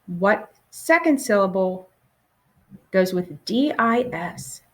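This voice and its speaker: A patient, encouraging woman teacher runs a recorded phonics lesson for children, pausing so they can respond. Her voice is medium-pitched and animated.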